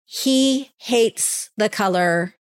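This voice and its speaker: A woman co-hosting a podcast, telling a story in casual chat and quoting the people in it with animated voices. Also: mid-range voice, drawn-out words, clear, resonant tone. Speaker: podcast co-host.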